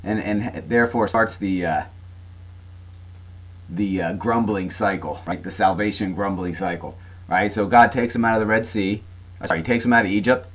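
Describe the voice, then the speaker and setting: A man's voice: lowish voice, steady tone, moderate pace. A man lecturing a college class in a chatty, informal way, checking in with frequent asides and fillers.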